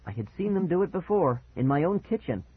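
A man's voice: on the high side, big pitch swings, a little fast, breathy edge, no room sound. A man narrating a first-person scary children's story on audiobook, dramatic and building suspense, on a muffled cassette recording.

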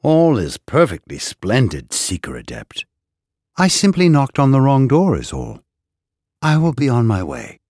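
A male narrator voicing a formal, overly polite man who smoothly brushes off a question. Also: medium pitch, huge pitch swings, measured pace, a little mellow, dry recording, clean studio sound, voice pushed up, exaggerated voice. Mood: evasive. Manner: smooth, formal, dismissive courtesy.

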